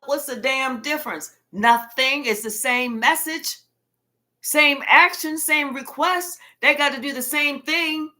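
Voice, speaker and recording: A woman's voice: sits high, measured pace, sharp tone. A woman giving a casual tarot reading in a blunt, colloquial manner with frequent cursing. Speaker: tarot reader.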